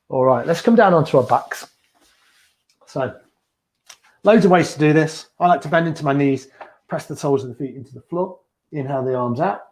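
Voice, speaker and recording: A man leading a beginners yoga class with gentle, encouraging step-by-step cues, teaching from a small room at home. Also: medium pitch. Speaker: yoga instructor.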